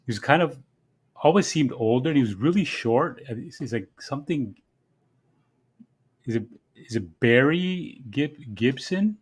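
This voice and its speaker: Male contestant, casual, tentative, thinks out loud. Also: mid-range voice, expressive, a little slow, pauses often, husky. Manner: uncertain, thinking aloud. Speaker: podcast player. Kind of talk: casual game-show chat.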